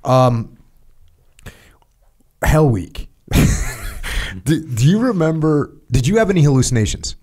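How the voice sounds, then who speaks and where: A middle-aged man hosting a podcast, trading training memories in casual chat, animated, laughing, and swearing freely. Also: mid-range voice, slow pace, pauses often, slightly rough. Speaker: podcast host, former Navy SEAL. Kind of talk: casual conversation.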